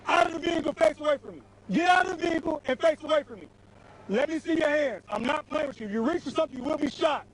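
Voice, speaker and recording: A male state trooper, shouting repeated forceful commands at a traffic stop. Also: very high-pitched, animated, fast. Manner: forceful, repetitive barked orders. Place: outdoors at a roadside traffic stop. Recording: noisy roadside police camera audio.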